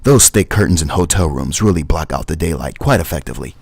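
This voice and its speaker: A man hosting a livestream, reading his own travel story and then chatting about it in a relaxed, rambling way. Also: rumbling low, fast talker, creaky, breathy edge, no room sound. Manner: relaxed storytelling with fillers and chuckles. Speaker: livestream host and flight sim reviewer.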